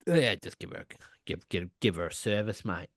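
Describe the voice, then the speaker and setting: A man's voice: lowish voice, expressive, a little fast, dry recording. An Australian man in his forties, co-hosting a podcast in a loose, sweary, rambling chat with lots of laughing. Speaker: podcast co-host. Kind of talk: casual chat.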